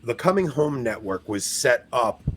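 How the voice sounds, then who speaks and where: A man hosting a podcast in casual chat, animated, laughing at himself and restarting his sentences. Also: medium pitch, normal speed, noisy background. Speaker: podcast host.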